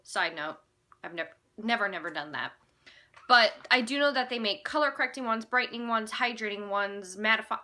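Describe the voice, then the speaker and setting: Young female vlogger, casual rambling chat, bright and fairly high. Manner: chatty, rambling, self-correcting. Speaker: beauty vlogger.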